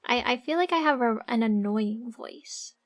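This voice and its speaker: A woman streamer chatting casually with viewers while she draws, soft-spoken and halting, with many fillers and little giggles. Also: on the high side. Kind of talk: casual live-stream chat. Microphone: desk microphone.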